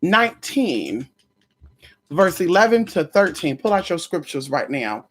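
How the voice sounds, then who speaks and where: A woman's voice: fairly low pitch, unhurried, slightly rough. A woman vlogging casually, telling a story in a sassy, gossipy way and swearing freely as she talks to her viewers. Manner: dramatic, expressive delivery.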